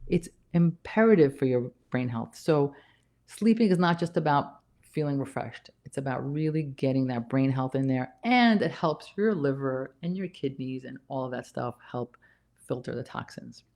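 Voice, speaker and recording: A woman's voice: extremely low pitch, animated, normal speed, darkish tone. Emphatic woman giving a health talk. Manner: emphatic, repeats key points. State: slightly out of breath. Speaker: nurse practitioner health educator. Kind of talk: casual health talk to camera.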